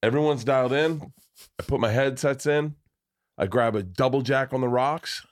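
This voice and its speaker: A man's voice: mid-range voice, moderate pace. A middle-aged man hosting a podcast, telling rambling, profane, jokey stories in casual chat. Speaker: podcast host.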